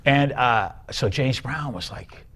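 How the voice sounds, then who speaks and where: An older man, a musician rambling through animated stories in casual chat and acting out the people he quotes. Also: mid-range voice, takes it slowly. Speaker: guest musician.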